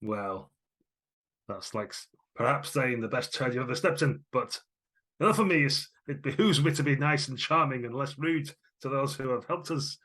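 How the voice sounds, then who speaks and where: A man's voice: moderate pace, a bit bright, natural voice. A man voicing a brash, proud woman blacksmith who talks bluntly and teases. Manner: blunt, teasing, raised pitch.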